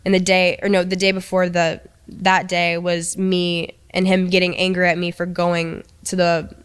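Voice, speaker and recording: A young woman recounting a frightening relationship in a halting way, with many restarts and quoted lines. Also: fairly low pitch, completely flat delivery, clear, resonant tone. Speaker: interviewee recounting abuse. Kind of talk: emotional storytelling.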